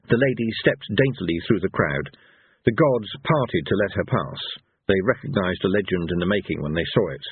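A man narrating a fantasy audiobook in an expressive, storytelling manner. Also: sits low, normal speed, breathy edge, no room sound. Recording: tinny phone-like sound.

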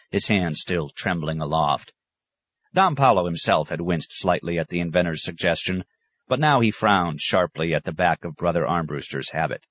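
Low, expressive male audiobook narrator. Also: moderate pace. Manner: calm, expressive storytelling. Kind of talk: scripted narration.

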